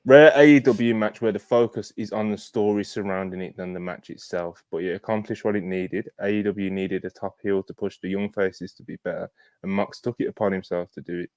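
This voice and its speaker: A man's voice: sits low, steady tone, a little fast, darkish tone, dry recording. A man hosting a casual wrestling podcast, laughing often and reading out viewer donations. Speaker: podcast host.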